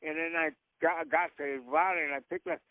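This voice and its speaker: Older man, gravelly, rambling anecdotes, laughs often, tinny phone line. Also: a little high, fairly even intonation, a little fast, no echo. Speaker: actor guest. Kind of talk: casual anecdotes.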